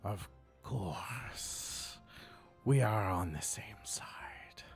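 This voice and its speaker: A sinister little robed goblin caster, as a man puts him on, hissing each slow, clipped word in a voice almost quiet yet voluminous. He sounds hunched and secretive as he questions strangers in a tabletop role-play. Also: on the low side, animated, vocal fry, soft background music, exaggerated voice. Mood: menacing. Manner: slow, terse, menacing questions.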